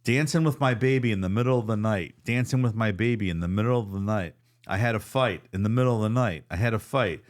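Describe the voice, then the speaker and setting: A man's voice: on the low side, quick pace, natural voice. A man voicing a foul-mouthed old male Outback brawler, rambling, boastful and swearing as he reads a transcript aloud.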